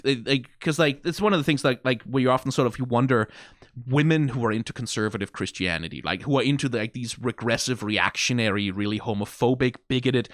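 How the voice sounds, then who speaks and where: A man giving casual, profane commentary as a video reviewer, animated and prone to mocking impressions. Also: mid-range voice, no echo, studio quality.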